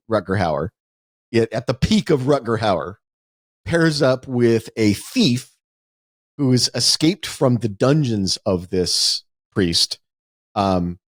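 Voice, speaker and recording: A man co-hosting a podcast, retelling a film's plot in a casual, explanatory way with slow, deliberate stretches. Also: medium pitch, no echo, clean studio sound. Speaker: podcast co-host. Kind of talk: casual film review chat.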